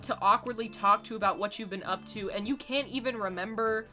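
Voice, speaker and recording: A woman's voice: medium pitch, brisk, hardly any pauses, sharp tone, soft background music. A young woman in her late teens, chatting through a dramatic, exasperated storytime rant while playing a game. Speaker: gaming YouTuber.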